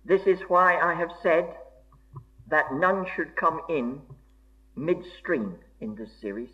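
Preacher, male, fairly high voice, measured and emphatic delivery, dull old recording. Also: sharp tone. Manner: slow, deliberate and emphatic, old-fashioned formal diction. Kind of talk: sermon.

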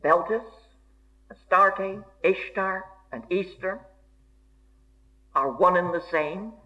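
Slow, deliberate preacher man, lo-fi. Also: sits high, sharp tone. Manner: slow, deliberate and emphatic, old-fashioned formal diction. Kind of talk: sermon. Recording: dull lo-fi recording.

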